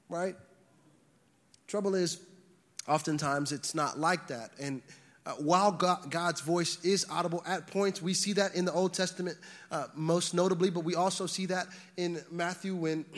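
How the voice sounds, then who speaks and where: High-voiced man preaching in a reverberant hall. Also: fairly even intonation, normal speed, fairly bright tone. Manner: conversational, restarts words, frequent fillers. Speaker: pastor. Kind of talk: sermon. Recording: long reverb of a large hall.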